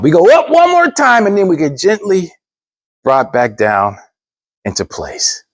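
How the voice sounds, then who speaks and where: A man telling a funny personal story in an expressive, theatrical way, then signing off his channel. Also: sits high, measured pace. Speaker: storyteller, YouTuber. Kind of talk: animated storytelling speech.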